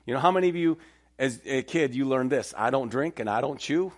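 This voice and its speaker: A man's voice: mid-range voice, animated, brisk. A man preaching a sermon in church as pastor, telling stories and acting out the voices he quotes.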